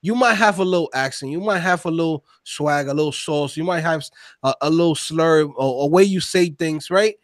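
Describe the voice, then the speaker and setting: A man co-hosting a casual podcast conversation, talking in an animated, slangy, emphatic way. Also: a little high, brisk, no room sound, clean studio sound. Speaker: podcast co-host.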